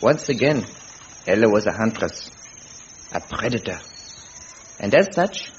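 A man narrating a story in a calm, sincere, deadpan way. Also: fairly low pitch, unhurried. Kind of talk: deadpan parody nature narration. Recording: lo-fi recording with noise.

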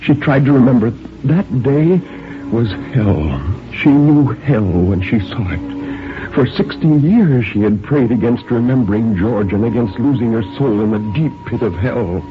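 A man narrating a radio drama in a grave, measured storytelling manner. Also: mid-range voice, animated. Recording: tinny old radio recording with faint music.

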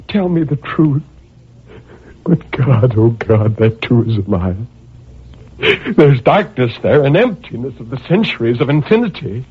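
A tormented murderer in a cell, tinny radio. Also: male voice, mid-range voice, husky. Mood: anguished. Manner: intense, surging from brooding murmurs to anguished cries. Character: tormented male murderer pacing his prison cell. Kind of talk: dramatic radio monologue. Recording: tinny old radio broadcast.

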